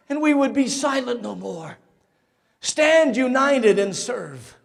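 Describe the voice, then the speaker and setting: An older man preaches at a banquet, his voice swinging between fervent shouts and hushed, tearful asides. His voice is high and gravelly. He sounds distant in a large, echoing hall. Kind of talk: sermon. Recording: echoey hall from far off.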